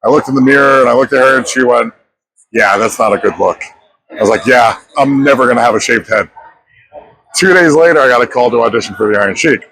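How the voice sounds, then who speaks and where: Man, thirties, actor guest, lively storyteller, acts out quotes, medium pitch, convention interview. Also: fast, low-quality recording. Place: pop culture convention.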